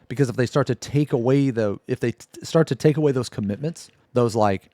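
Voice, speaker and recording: A man's voice: mid-range voice, a little fast, few pauses, mellow, no echo, studio quality. A man streaming a casual reaction, talking bluntly and with a lot of swearing as he rants about game news. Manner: blunt, profane, heated outbursts.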